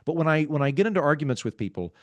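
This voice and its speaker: A man, a guest author in a podcast interview, explaining ideas in a wry, self-aware, calm and measured way. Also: fairly high pitch, no room sound. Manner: talks calmly, measured.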